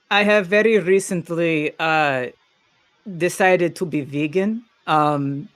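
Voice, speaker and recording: A woman's voice: lowish voice, slow pace, no echo. A player voicing a very tall, polite woman with a put-on Slavic accent, speaking in formal, stiff phrases. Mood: earnest. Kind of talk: tabletop role-play.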